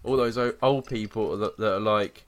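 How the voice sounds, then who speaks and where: Male podcast co-host, lowish voice, sweary animated storyteller. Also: moderate pace. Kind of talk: casual chat.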